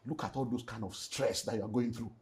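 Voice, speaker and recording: Nigerian pastor telling a painful story. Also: male voice, mid-range voice, quick pace. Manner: earnest, animated, slips into Pidgin. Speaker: pastor and relationship speaker. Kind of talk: emotional interview storytelling.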